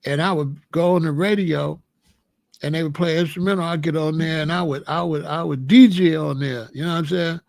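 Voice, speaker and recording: A middle-aged American man with a fairly high, gravelly voice, heard close and dry. He hosts his own show and tells stories in a loose, animated way. He circles back over his own phrases as he talks. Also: fairly quick, no room sound. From United States. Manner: animated, rambling, repeats phrases. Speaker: host. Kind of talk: casual storytelling chat.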